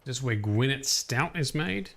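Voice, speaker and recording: A man's voice: medium pitch, lively intonation, moderate pace, creaky, a bit bright, a little hiss or hum. A man casually thinking aloud as he plays through a game on a livestream. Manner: chatty, thinking aloud while playing. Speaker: streamer. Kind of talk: casual gameplay commentary.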